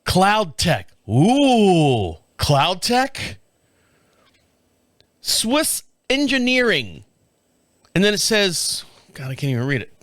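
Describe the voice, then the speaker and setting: A middle-aged man hosts his own podcast from a small home studio, rambling through a story to camera and laughing often. His voice is fairly high and sing-song, slow-paced, captured on a studio mic with no room sound.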